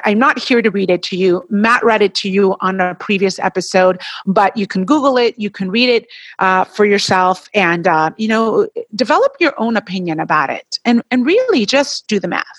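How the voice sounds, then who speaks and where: A podcast co-host rattles through a casual solo chat in a medium-pitched voice, brisk and with hardly any pauses. Animated and chatty, she sometimes gets heated and breaks into laughter. The recording has no echo.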